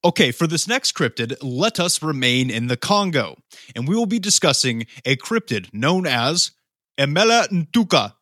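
A man's voice: mid-range voice, sing-song, normal speed, pushed and bright, dry recording, studio quality. A man co-hosting a podcast in casual, profane, joking chat, leading the conversation on the topic. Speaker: podcast co-host.

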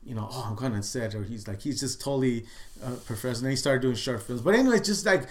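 A middle-aged man, a guest in a casual interview, tells stories in a loose, chatty way, full of "dude" and "you know what I mean". He acts out the lines he quotes, swinging between loud and soft. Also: mid-range voice, animated, quick pace. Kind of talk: casual storytelling chat.

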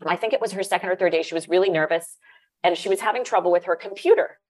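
A middle-aged woman telling lively anecdotes in a casual interview, using "like" a lot and laughing often. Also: lowish voice, fast. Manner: animated, lots of "like", laughs often. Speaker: guest, former magazine editor.

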